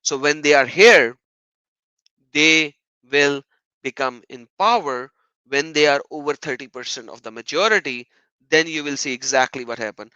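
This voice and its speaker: A man talks straight to his viewers in an emphatic, insistent way, circling back to the same points and firing off rhetorical questions. His voice is bright and forceful, and the recording is close and dry. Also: fairly high pitch, normal speed, smooth, no room sound, highs cut off. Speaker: YouTuber responding to comments. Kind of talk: monologue commentary vlog.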